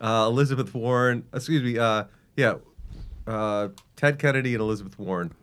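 A man's voice: mid-range voice, a little fast, fairly bright tone, smooth. A man, a lawyer guesting on a podcast, guessing answers in a hesitant, self-deprecating way. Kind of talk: casual chat.

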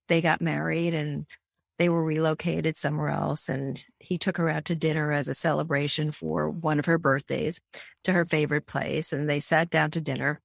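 A woman's voice: deep voice, vocal fry, no echo, clean studio sound. A woman therapist and author in an interview, telling case stories vividly and acting out the people she quotes. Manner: vivid storyteller who acts out quoted voices.

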